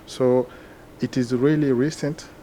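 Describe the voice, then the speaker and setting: A man from Ivory Coast speaks English with a French accent, his first language showing through. He answers slowly and pauses often to find the right words. A faint background noise sits under his voice. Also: mid-range voice, fairly even intonation, mellow. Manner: hesitant, searching for words. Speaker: university lecturer. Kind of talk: interview answers.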